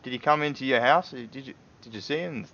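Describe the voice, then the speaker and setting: A man's voice: mid-range voice, fairly quick, fairly bright tone, no echo, lo-fi sound, voice pushed up, natural voice. A man voicing a young, nervous male thug who stammers his questions. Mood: flustered. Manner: flustered, stammering.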